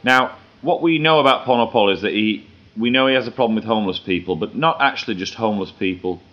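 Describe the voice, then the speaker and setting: A man's voice: lowish voice, fast talker, highs cut off. A man hosting a radio show, telling stories in crude comedic banter and swearing freely. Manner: brash, storytelling, swears freely.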